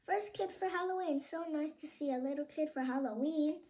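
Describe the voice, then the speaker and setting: A woman's voice: high voice, fairly quick, dark tone, lightly acted. A woman voicing a big, cheerful man welcoming a child in a read-aloud storybook. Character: big friendly man greeting trick-or-treaters.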